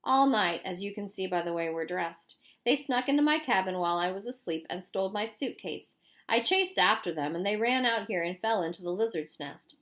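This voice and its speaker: A woman reading an audiobook voices a cold female camp warden who talks in a smooth, defensive, self-justifying way. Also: medium pitch, lively intonation, a little fast, a bit bright, close to an everyday voice.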